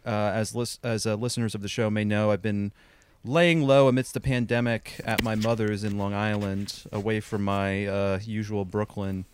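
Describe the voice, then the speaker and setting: A man's voice: on the low side, little pitch movement, normal speed, clean tone. A man co-hosting a podcast, telling a long wry anecdote in a casual, rambling way, full of "like" and restarts. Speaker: podcast co-host.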